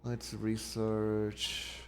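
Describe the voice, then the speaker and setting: A man's voice: on the low side, monotone, drawn-out words. A young man streaming a game, musing to himself and reading the game text aloud. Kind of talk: casual game commentary. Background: faint game music.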